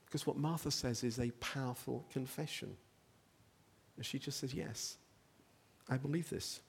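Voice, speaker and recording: Gravelly man preaching earnestly. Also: mid-range voice, moderate pace. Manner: earnest, builds to emphatic rhetorical questions. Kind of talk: sermon.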